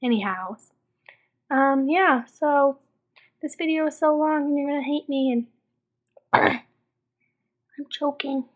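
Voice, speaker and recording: A woman's voice: sits high, unhurried, long pauses, narrow, tinny audio. A young woman from Texas telling stories animatedly in a casual video diary, saying "like" often. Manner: animated storytelling, heavy use of "like". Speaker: vlogger.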